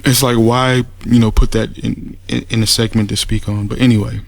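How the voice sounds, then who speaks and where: A man's voice: medium pitch, flat delivery, normal speed, creaky, no echo. A man giving a mocking, rambling spoken rebuttal, sarcastic and full of restarts. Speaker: commentator making a response audio.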